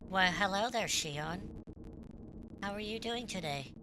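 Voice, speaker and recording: A woman doing an impression of a calm, flat-voiced female android from a game, speaking in a stiff, formal way. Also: medium pitch, slow, noisy background. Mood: cool, formal.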